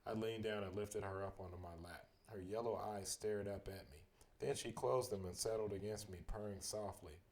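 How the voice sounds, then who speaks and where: A man reading a children's chapter book aloud as a bedtime story, steady in the telling and livelier on the quoted lines. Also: lowish voice, moderate pace.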